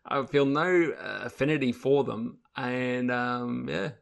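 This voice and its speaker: Gravelly man ranting casually. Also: medium pitch, slow pace. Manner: animated, profane, stumbling restarts. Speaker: podcast co-host. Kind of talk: casual critique chat.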